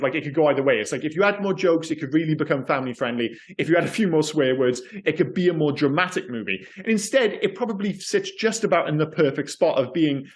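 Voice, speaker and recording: Chatty man rambling about a film. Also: fairly high pitch. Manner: rambling, self-correcting, animated. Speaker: podcast co-host. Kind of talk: casual film discussion.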